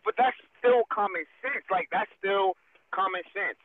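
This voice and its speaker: High lively man on a tinny phone line. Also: a little slow, a little hiss or hum. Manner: repetitive, blunt. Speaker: call-in debater. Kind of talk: casual debate over a call. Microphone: phone call.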